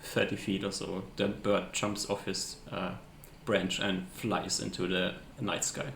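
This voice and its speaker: A man runs a tabletop game as game master, his low voice gravelly with fry. He narrates hesitantly and fills gaps with ums. The room is echoey, with a faint hiss. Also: flat delivery, measured pace, fairly bright tone. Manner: hesitant, searching for words with many fillers.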